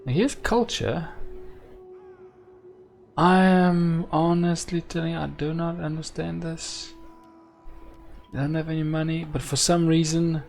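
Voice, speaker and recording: Gravelly, exasperated strategy-game player. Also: male voice, on the high side, little pitch movement, a little slow, pauses often, darkish tone, soft background music. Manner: exasperated, keeps asking aloud why things don't work. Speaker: gameplay video host. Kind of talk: let's-play strategy game commentary.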